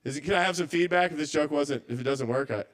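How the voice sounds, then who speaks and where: A man works through a stand-up set at a small live open mic. His voice sits a little high, and he rambles, stammers and restarts as he second-guesses his own material. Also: fast talker.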